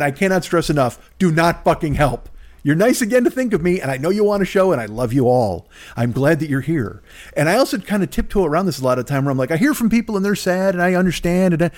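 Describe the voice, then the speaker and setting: A man's voice: fairly high pitch, a little mellow. A man in his forties hosting his podcast, ranting in a profane, exasperated, self-mocking monologue. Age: 40s. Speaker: podcast host.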